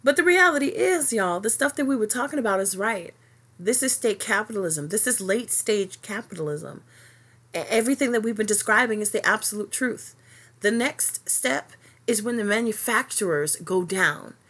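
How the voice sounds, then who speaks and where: A woman in the middle of a podcast monologue, heated and outspoken, swearing freely as she goes. Her delivery rambles and restarts often, surging ahead and then reining herself back in. Her voice sits at an ordinary mid pitch for a woman. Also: expressive, fairly bright tone. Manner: passionate, profane rant that speeds up and slows down; rambling with many fillers and self-restarts. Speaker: podcast host.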